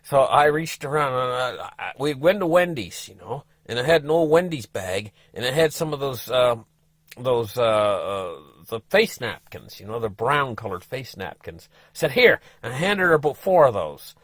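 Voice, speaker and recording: A man's voice: mid-range voice, very animated, normal speed, no room sound. A man who is a travel vlogger, telling a story in a casual, folksy, rambling way with restarts and asides to the viewers.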